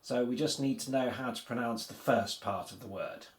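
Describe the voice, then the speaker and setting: Male tutor, mid-pitched, patient explainer, roomy reverb. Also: normal speed. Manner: patient explaining, frequent "uh" and "okay". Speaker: language teacher. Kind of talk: recorded language lesson.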